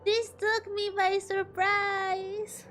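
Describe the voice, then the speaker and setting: A woman's voice: very high-pitched, flat delivery, drawn-out words, fairly bright tone, soft background music. A woman streaming a story game, choked up and emotional, laughing through her tears. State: teary and choked up. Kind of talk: reading game dialogue aloud between casual reactions.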